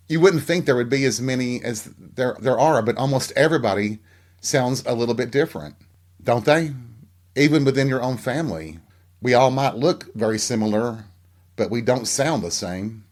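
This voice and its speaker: Frank, rambling middle-aged male podcast host. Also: medium pitch. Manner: reflective, rambling, frank, asks listeners rhetorical questions. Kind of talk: candid solo podcast monologue.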